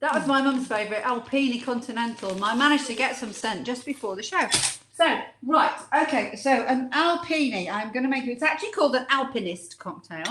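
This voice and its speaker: A woman's voice: on the high side, lively intonation, a little fast, echoey room, noisy background. Jolly woman mixing cocktails. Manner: chatty, jolly cocktail-making banter. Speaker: co-host. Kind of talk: casual live-stream chat.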